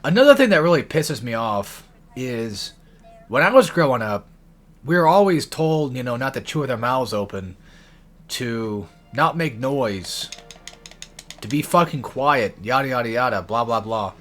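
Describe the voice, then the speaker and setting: A young man talks over his gameplay in a loose, rambling way. He rants and swears freely, drifting between complaints and the game in front of him. His voice sits at an ordinary middle pitch. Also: lively intonation, measured pace, fairly bright tone, faint music behind. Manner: profane, ranting, frequent swearing. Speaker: let's play gamer.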